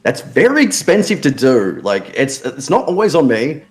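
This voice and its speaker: A tired man tells joking, crude stories in an easy, casual way. His voice sits at an ordinary middle pitch, and his banter is loose and unhurried. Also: sing-song, darkish tone. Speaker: show regular, wrestler. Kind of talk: casual chat.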